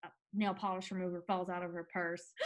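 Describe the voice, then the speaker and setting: A woman's voice: on the low side, little pitch movement, fairly quick. A woman chatting casually as a podcast co-host, recapping a TV episode with lots of fillers.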